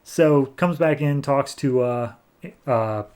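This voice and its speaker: A man's voice: medium pitch, takes it slowly, darkish tone, clean tone. Rambling man recapping a comic. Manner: rambling storytelling with many fillers. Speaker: podcast host. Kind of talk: casual comic book recap.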